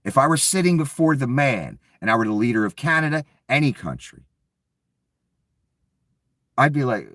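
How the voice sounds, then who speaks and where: Man, ranting commentator, lively pitch swings, heavy profanity, dry room, mic a bit off. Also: moderate pace, pauses often, no echo, distant mic. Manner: profane, sarcastic, acts out mocking quotes. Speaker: political commentator.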